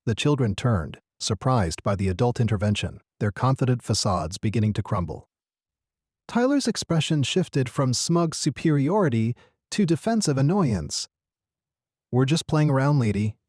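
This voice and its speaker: Guy reading a story out steady and earnest, mid voice, super dry close mic. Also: medium pitch, normal speed, breathy edge, no echo. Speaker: narrator. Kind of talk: scripted story narration.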